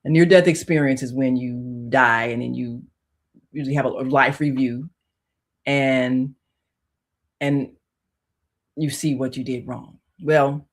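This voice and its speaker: A woman hosting a radio show, telling a personal spiritual story in a conversational way, full of fillers, dropping to a hush and rising to loud cries. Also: rumbling low, fairly even intonation, measured pace, pauses often. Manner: emotional, swings from hushed to loud; conversational, many "you know" fillers.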